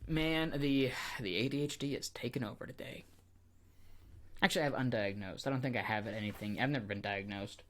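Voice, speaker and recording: Animated joking man on a podcast. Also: mid-range voice. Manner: animated, joking, swearing, quick tangents. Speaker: podcast co-host. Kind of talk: casual chat.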